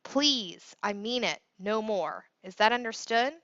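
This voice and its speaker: A caring but firm middle-aged father, voiced by a woman reading a novel aloud, laying down the rules with fatherly warmth. The tone stays bright and close to her own. The sound is dry and a little dull. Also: fairly high pitch, lively intonation, a little slow, dry recording.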